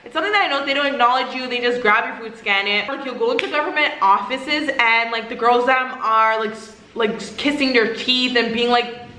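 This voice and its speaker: Bright, animated young woman vlogger. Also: on the high side, brisk, a little hiss or hum. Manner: animated, exasperated, with laughing asides. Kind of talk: casual vlog chat. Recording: echoey room.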